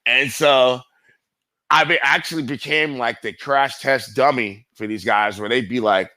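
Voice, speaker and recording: A man's voice: medium pitch, moderate pace, pushed and bright, dry recording. A middle-aged man telling stories as a guest in a casual interview, rambling and profane, full of fillers. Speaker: guest skateboarder.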